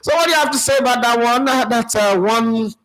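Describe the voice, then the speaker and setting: A Nigerian sports radio presenter speaking in a casual, animated monologue, mixing in pidgin phrases as he reflects. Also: very high voice, fairly quick, low-quality recording.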